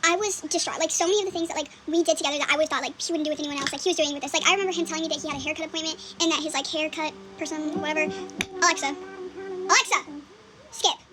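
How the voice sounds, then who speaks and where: A young woman doing a get-ready-with-me storytime, animated and rambling, laughing and swearing freely. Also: high-pitched, rapid-fire, few pauses, background noise. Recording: song playing in the room. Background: music.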